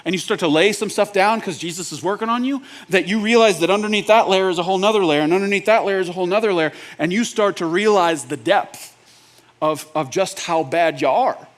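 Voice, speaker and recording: A man's voice: sits high, brisk. Joking, conversational male pastor preaching. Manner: asks the audience rhetorical check-ins. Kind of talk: sermon.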